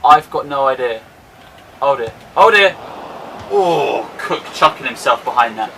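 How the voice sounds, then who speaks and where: A young man with an excitable, self-mocking manner, commentating his own football video game match. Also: mid-range voice, measured pace, vocal fry, far from the mic, a little hiss or hum. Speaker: gaming YouTuber. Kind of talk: casual gameplay commentary.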